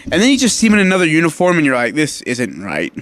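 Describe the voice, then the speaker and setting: Male sports radio co-host, emphatic and opinionated, slightly higher voice, dry studio sound. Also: big pitch swings, very fast, a bit bright, clear, resonant tone, no echo. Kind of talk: casual sports talk.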